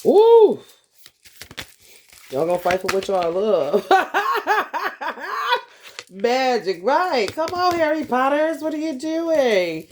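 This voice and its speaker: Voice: sits high, lively intonation, a little slow, hardly any pauses, slight background noise. A vlogger talking in a loose, profane monologue, laughing often and calling listeners honey and baby. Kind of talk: casual monologue.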